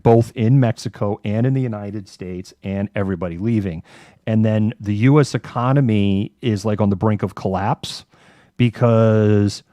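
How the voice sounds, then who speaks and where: On a live online show, this podcast co-host talks loosely in a low-leaning, mellow voice, captured up close on a dry recording. His sentences wander and restart, an occasional swear slips out, and he adopts brief character voices while retelling a story.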